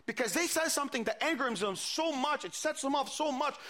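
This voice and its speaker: A male preacher walks listeners through a scripture story in a very high, bright, forceful voice, animated and brisk. He retells it with quoted dialogue and often repeats words as he builds each point.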